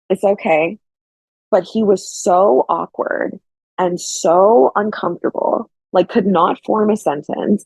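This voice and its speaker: A young woman appears as a guest storyteller, animated and saying "like" a lot while acting out quoted lines. Her voice is husky and slightly low, and the recording is dry.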